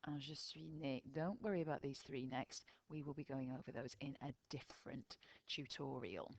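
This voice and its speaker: English woman, low voice, patient step-by-step teacher, dry close sound. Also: dry recording, rough recording. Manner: patient step-by-step explaining, addressing pupils. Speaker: French teacher. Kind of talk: recorded tutorial lesson.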